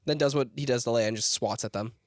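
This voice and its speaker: A man's voice: mid-range voice, fast, no echo, clean studio sound. A young man co-hosting a podcast, joking and swearing freely in casual chat. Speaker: podcast co-host.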